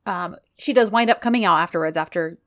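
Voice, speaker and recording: A woman's voice: lowish voice, fast. A woman co-hosting a podcast, casually recapping a show and acting out lines from it with frequent laughter. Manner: animated storyteller, acts out quotes, laughs often. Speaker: podcast co-host. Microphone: podcast mic.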